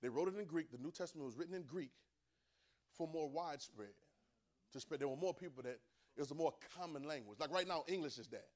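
Sex: man. Role: preacher. Style: high-voiced emphatic sermon. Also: animated, quick pace. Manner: emphatic, repeats phrases, calls for responses from listeners. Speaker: preacher teaching a Bible class.

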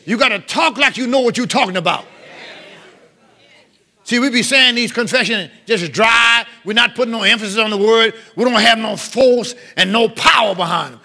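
A man's voice: high-pitched, animated, normal speed, sharp tone. A man preaching a revival sermon, emphatic and calling out to the congregation. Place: church revival service.

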